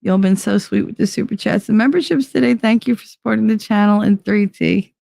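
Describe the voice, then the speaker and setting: A livestream host reads out viewer messages and chats in a profane, animated style, laughing often. Her mid-range voice is gravelly and a little fast. The sound is dry and close, without any room echo.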